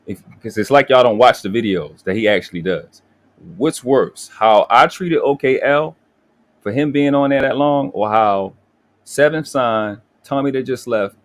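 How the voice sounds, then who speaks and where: Angry ranting man hosting a livestream. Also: mid-range voice. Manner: angry, profane, ranting with restarts. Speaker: livestream host. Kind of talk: heated livestream talk.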